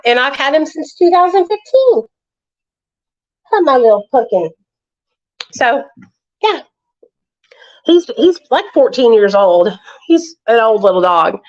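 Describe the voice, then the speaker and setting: A woman's voice: high voice, a little slow, highs cut off. Chatty woman on a phone livestream. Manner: chatty, talks straight to viewers, swears freely. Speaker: livestream host. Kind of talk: casual live chat.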